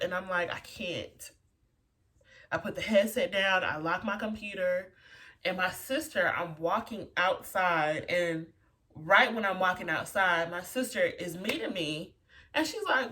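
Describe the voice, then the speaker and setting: A woman's voice: on the low side, fairly bright tone. A woman telling a personal story in a casual way, full of "like" and "you know" fillers. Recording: voice a bit far from the mic.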